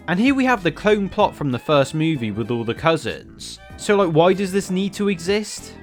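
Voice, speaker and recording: A man tears into a film with sarcastic, swearing commentary. His pitch swings wildly from high outrage to low mutters, over a faint bed of music. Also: sing-song, normal speed, hardly any pauses. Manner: sarcastic, exasperated, profane. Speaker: film reviewer. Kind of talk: comedic film review commentary.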